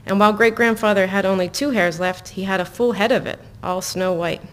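Reading her novel aloud to a live audience, the author keeps the passages steady and measured. Her mid-pitched voice loosens in the chatty interludes, which are peppered with ums and other fillers.

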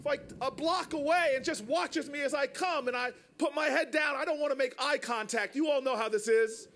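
A man tells a story to an audience in an animated public-speaking style. He raises his voice now and then and stumbles into repeated words. His voice is unusually high, with faint background noise. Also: moderate pace.

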